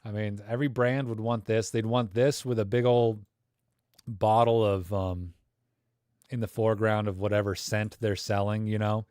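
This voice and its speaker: A man's voice: lowish voice, fairly even intonation, normal speed, a little mellow, smooth, no room sound, studio quality. A man hosting a live stream, critiquing viewer photos in joking, rambling chat full of fillers. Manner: joking, rambling, thinks aloud with many fillers.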